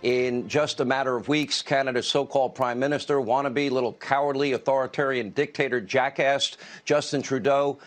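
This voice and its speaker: A man reading scripted news commentary in a scornful, mocking tone. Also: mid-range voice. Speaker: news presenter.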